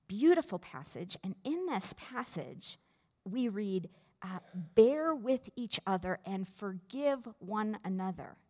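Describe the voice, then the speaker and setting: A woman pastor preaching a sermon in a slow, measured way with deliberate pauses. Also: medium pitch, a little mellow. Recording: long reverb of a large hall.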